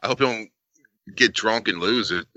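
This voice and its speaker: Blunt, profane male co-host, very bright. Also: lowish voice, normal speed, no echo, muffled recording. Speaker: podcast co-host. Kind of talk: casual podcast banter.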